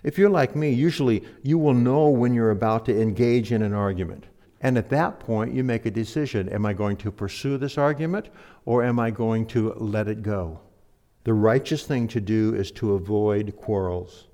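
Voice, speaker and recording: A middle-aged man preaching a sermon in an earnest, measured way, reading scripture aloud and leading a prayer. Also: mid-range voice, dark tone. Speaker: pastor.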